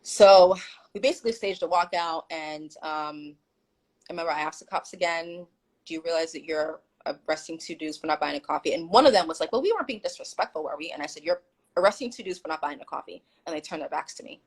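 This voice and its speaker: A woman's voice: low voice, fast talker, poor audio. A woman guest telling a story in casual chat on a video call, acting out what people said. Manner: animated, acts out quoted dialogue.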